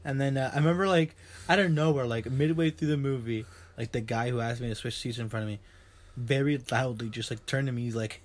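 A man's voice: mid-range voice, a little fast. A young man hosting a podcast in casual chat, rambling and joking, swearing often and trailing off into fillers. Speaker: podcast host.

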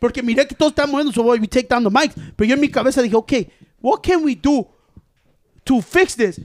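A man co-hosting a podcast in casual banter, animated and swearing, laughing often. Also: very high voice, quick pace, no room sound, clean studio sound. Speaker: podcast co-host. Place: indoor studio table.

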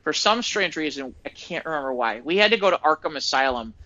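A man in casual chat, telling stories with animated energy and acting out what people said. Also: a little high, fairly quick, muffled recording. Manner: animated storyteller acting out quotes.

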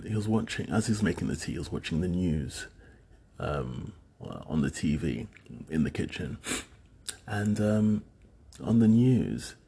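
With a dark, deep, slightly rough voice, a thirty-something man from the UK muses by himself about dreams he's had. His casual telling wanders, hesitant and packed with fillers.

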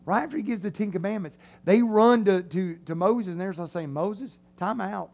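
A man preaching a sermon in a church, animated and acting out the voices of his listeners. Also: high-pitched, fairly quick. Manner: animated, acts out voices of the crowd. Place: church sanctuary.

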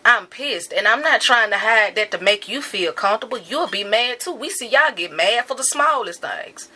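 Woman, bright forceful voice, slightly high; impassioned commentary. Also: lively intonation, normal speed, slightly rough. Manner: angry, emphatic and repetitive. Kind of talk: impassioned monologue.

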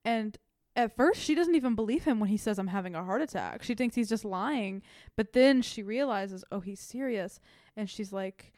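A young woman co-hosting a podcast, recapping a TV episode in casual chat, animated, swearing freely and laughing often. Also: mid-range voice, normal speed, no room sound, studio quality. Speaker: podcast co-host.

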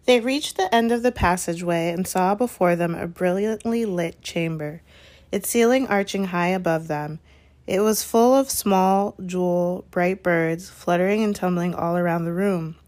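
A woman reads a novel aloud in steady, unhurried narration, now and then correcting a slipped word. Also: on the low side. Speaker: reader.

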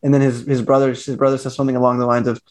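A man's voice: medium pitch, little pitch movement, very fast, darkish tone. A man co-hosting a casual podcast chat, musing aloud and hesitant, with a lot of filler words. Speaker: podcast co-host.

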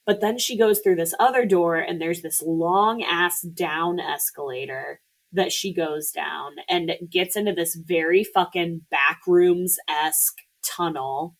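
A woman with a notably low voice for a woman, talking casually on a podcast. She walks through a film's plot in a loose, chatty way, full of "like" and small laughs. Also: measured pace, rough recording. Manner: chatty, laughing, lots of "like" fillers. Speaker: podcast co-host. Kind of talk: casual movie recap chat.

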